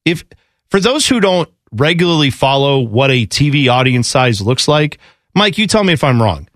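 A man co-hosting a sports talk radio show, talking in a rambling, animated way and interrupting himself. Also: medium pitch, moderate pace, dry recording, clean studio sound.

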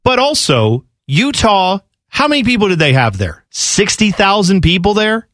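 A man's voice: high voice, big pitch swings, moderate pace, a bit bright, no room sound, clean studio sound. A man co-hosting a sports talk show in casual banter, rambling and laughing, often acting out quotes in other voices. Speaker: radio sports show co-host.

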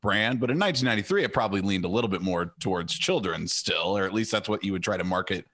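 A man's voice: low voice, expressive, fast, a bit bright. A man co-hosting a podcast, chatting casually in an opinionated way and drifting into tangents. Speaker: podcast co-host. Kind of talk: casual chat.

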